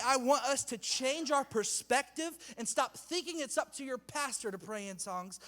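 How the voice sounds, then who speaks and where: High-voiced youth pastor preaching in a hall. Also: male voice, a bit bright. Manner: casual, slangy, joking with the crowd. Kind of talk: sermon. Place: church hall with youth audience.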